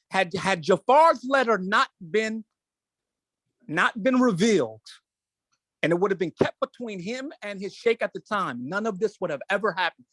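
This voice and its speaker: A man's voice: high voice, a bit bright, dry recording. A man hosting a show, speaking emotionally and emphatically in a preaching cadence, repeating his phrases for weight. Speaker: show host. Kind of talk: impassioned commentary.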